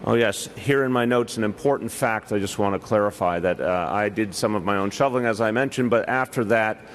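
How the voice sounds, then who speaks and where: A middle-aged man with a New York accent giving an official press briefing as mayor, speaking deliberately with frequent "uh" pauses. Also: fairly low pitch, a little hiss or hum.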